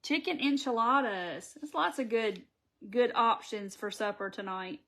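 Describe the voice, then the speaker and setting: Southern American woman, slightly high voice, casual live craft-tutorial host who chats and reads comments aloud. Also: measured pace, fairly bright tone. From Southern United States.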